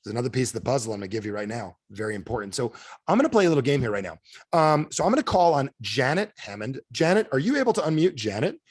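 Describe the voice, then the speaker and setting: A man running a sales training over a video call, animated, firing questions at his audience and acting out quotes in a higher voice. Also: fast, breathy edge. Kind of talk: energetic coaching talk.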